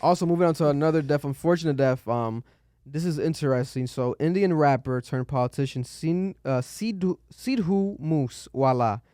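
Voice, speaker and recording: A young man talks loosely on a podcast, swearing freely and leaping up in pitch when something baffles him. His voice is smooth and resonant. It is recorded close and dry, with no room sound. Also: moderate pace, dry recording. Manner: animated, swearing, voice jumps high when exasperated. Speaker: podcast host. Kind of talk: casual podcast chat.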